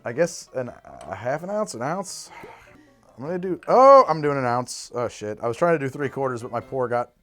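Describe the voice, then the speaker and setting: A man's voice: mid-range voice, moderate pace, faint music behind. A man hosting a cocktail show, chatting casually as he mixes and tastes drinks, rambling and restarting his sentences. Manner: rambling and animated, trailing off and restarting. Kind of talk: casual chat while mixing drinks.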